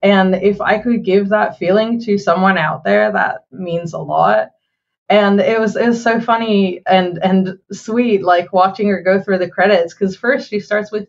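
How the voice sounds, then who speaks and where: Woman, game developer, casual interview, halting, filler-heavy, mid pitch, muffled audio. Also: steady tone, gravelly. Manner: chatty, halting, many fillers and restarts.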